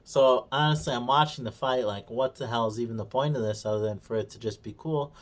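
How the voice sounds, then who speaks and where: Speaking fairly quickly in a mid-range voice, a man rants through a casual video review, swearing nonstop. He mocks and sounds exasperated throughout, retelling scenes in his own words and acting out the characters' dialogue.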